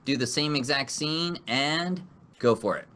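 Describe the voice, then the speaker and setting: A man's voice: mid-range voice, lively intonation, unhurried, pushed and bright. A man hosting a live improv comedy game show, upbeat and encouraging, laughing often.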